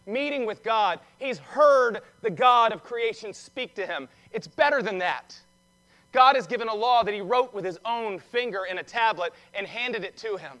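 A male pastor gives an Easter sermon in a loose, storytelling style, with quips and questions to the congregation. His voice sits high and sounds bright and forward. He moves easily between joking asides and earnest points. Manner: conversational storytelling with humor.

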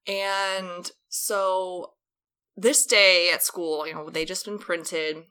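A woman's voice: lowish voice, fairly even intonation, slow, bright, forceful tone, clean tone. A young woman telling a long personal story in casual chat, rambling with many fillers. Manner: rambling anecdote full of fillers, acts out quotes.

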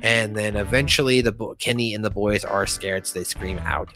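A man hosting a casual podcast, talking through a cartoon episode with plenty of energy. He jumps up into a raised voice whenever he reads out a character's line. Faint music plays quietly behind him. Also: mid-range voice, brisk, hardly any pauses. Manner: animated, quotes cartoon lines in a raised voice. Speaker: podcast host.

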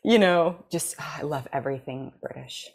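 A woman's voice: low-pitched, normal speed, gravelly. An American woman guest chatting enthusiastically and gushing about things she loves. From United States. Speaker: guest astrologer. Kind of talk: casual chat.

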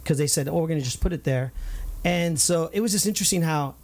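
A man hosting a community talk show, chatting casually and telling lively stories. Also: fairly high pitch, quick pace. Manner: lively storyteller, upbeat. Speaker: show host. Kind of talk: casual interview chat.

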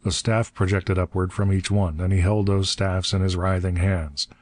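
A man reading an adventure story aloud as an audiobook narrator, steady and measured. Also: sits low.

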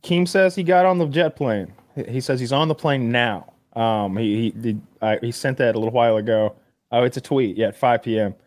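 A man's voice: medium pitch, fairly quick, a little mellow, dry recording. A casual male podcaster, rambling storyteller, mid-range voice, dry recording. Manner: rambling storyteller, many restarts and fillers. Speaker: podcast co-host. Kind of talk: casual chat.

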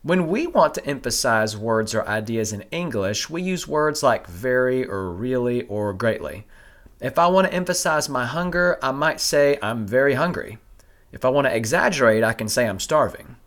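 A man teaches a Bible passage in a measured, explanatory way, raising rhetorical questions as he goes. His voice sits in an ordinary middle register, but it moves up and down a lot and stays animated. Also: mid-range voice. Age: adult with a family. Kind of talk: scripted teaching narration.

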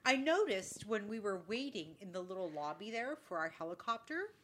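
A very animated woman with a mid-range voice speaks at normal speed as she co-hosts a podcast. Chatting casually, she tells a story and dramatizes the quoted dialogue.

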